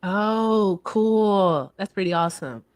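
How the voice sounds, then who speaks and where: A woman's voice: mid-range voice, takes it slowly, darkish tone, no echo. A woman hosting a casual livestream, chatty and upbeat, who keeps repeating stock phrases and laughs often. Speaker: livestream host.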